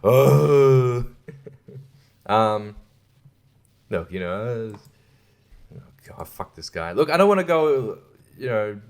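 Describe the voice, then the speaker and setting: A man hosting a solo podcast, ranting with lots of swearing, frequent laughter and hushed asides. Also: fairly low pitch. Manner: profane, ranting, laughs often. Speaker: podcast host.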